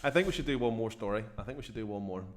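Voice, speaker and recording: A man with a low voice co-hosting a casual stream chat. He sounds relaxed and laughs easily between remarks. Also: rapid-fire. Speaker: co-host.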